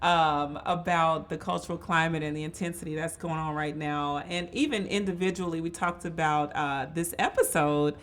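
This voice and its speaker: A woman's voice: deep voice, moderate pace, hardly any pauses, a little hiss or hum. Teasing woman co-host. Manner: lively, teasing banter. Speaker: podcast co-host. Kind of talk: casual chat. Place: office.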